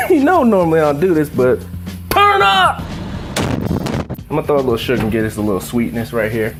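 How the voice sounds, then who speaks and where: A man's voice: mid-range voice, wildly swooping pitch, quick pace, music in the background. A man hosting a casual home cooking demo, swearing freely and rambling into a joke while he cooks at the stove. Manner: profane, laid-back, rambling storyteller. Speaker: cooking show host.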